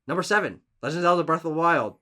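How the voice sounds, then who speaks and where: A man's voice: fairly high pitch, very fast. A man co-hosting a casual gaming podcast, talking emphatically with frequent restarts. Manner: emphatic, animated list-giving with restarts. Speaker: podcast co-host.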